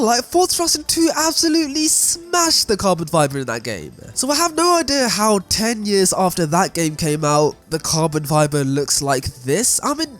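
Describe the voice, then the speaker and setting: A man with a high, very lively voice gives casual gameplay commentary over faint music. He is animated and exclamatory, his pitch jumping around as he reacts. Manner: animated and exclamatory, laughing at flaws. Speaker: gaming video creator.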